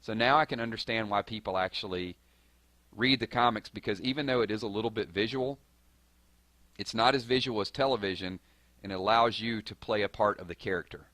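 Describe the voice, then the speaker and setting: Southern guy from georgia on a live stream, low but bright punchy voice, talks fast, dry close sound. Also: no room sound. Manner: fast-talking, excitable, answers chat. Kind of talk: casual live-stream chat.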